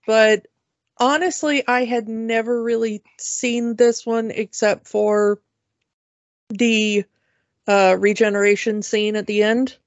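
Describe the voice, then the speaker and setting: A woman's voice: a little high, no echo. A woman co-hosting a podcast, chatting casually and telling a story with frequent restarts. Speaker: podcast co-host. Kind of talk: casual chat. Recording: dull lo-fi sound.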